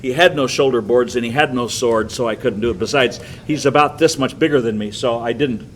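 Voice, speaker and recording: An older man, a pastor, teaching a Bible study with animated, chuckling storytelling in a church. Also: mid-range voice, fairly quick, a little hiss or hum, low-quality recording.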